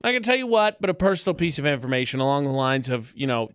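A man's voice: medium pitch, very animated, quick pace, a bit bright, smooth, no echo. A man co-hosting a radio show in a studio, bantering in a playful, teasing, argumentative way. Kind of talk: casual morning radio banter.

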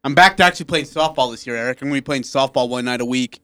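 Talking rapid-fire in a mid-range, fairly bright voice, a man co-hosting a sports talk radio show trades casual banter in the studio. He tells a meandering story and laughs at his own punchlines.

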